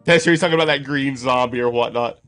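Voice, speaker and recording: A man's voice: medium pitch, fast, fairly bright tone, soft background music. A man casually commenting on clips during a live stream, reading out chat names and laughing often. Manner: chatty, laughs often, greets chat by name.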